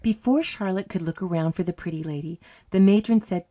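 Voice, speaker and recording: A woman reading a short story aloud as the narrator, in a calm and even manner. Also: lowish voice, a little fast, few pauses, dry recording, studio quality. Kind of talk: scripted narration.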